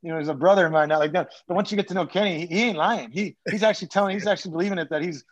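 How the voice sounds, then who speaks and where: Man, ex-hockey player, rambling profane storyteller, slightly raised pitch, dull lo-fi recording. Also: very fast. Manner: rambling, profane, frequent restarts. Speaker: podcast guest, former pro hockey player. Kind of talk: casual storytelling. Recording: dull lo-fi sound.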